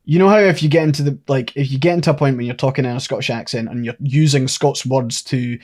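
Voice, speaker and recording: A man's voice: mid-range voice, quick pace, a little mellow. Man musing through a theory. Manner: thinks aloud, lays out theories at length. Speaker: podcast co-host. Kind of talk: casual chat.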